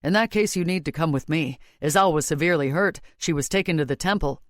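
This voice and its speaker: A woman's voice: deep voice, unhurried, no echo, studio quality. A woman voicing a dutiful male guard captain in an audiobook, speaking urgently. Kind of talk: audiobook character voice.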